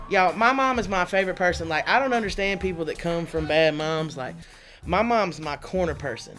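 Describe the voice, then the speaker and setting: Woman comic, animated rambling delivery, faint music underneath. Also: lowish voice, a little fast. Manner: animated, chatty, laughing often. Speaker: stand-up comedian. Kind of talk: stand-up comedy set. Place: studio under lights.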